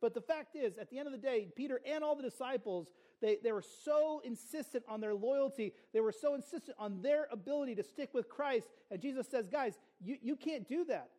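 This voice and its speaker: High-voiced pastor preaching conversationally. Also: male voice, brisk, few pauses, warm tone. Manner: earnest, conversational preaching with playful asides. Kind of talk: sermon.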